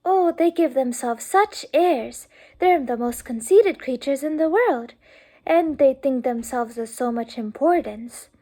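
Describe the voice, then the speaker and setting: Gushing young lady voiced by a woman, breathless exclamations, high voice, mellow tone. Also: animated, unhurried.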